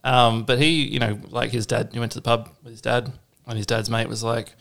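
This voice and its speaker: A man's voice: mid-range voice, little pitch movement, brisk, creaky, a bit bright. A man co-hosting a podcast, telling a rambling, hesitant story full of fillers in casual chat.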